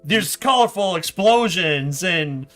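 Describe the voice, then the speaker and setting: A man narrating a story in a board game on a stream, laughing and animated. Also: high-pitched, slow, soft background music.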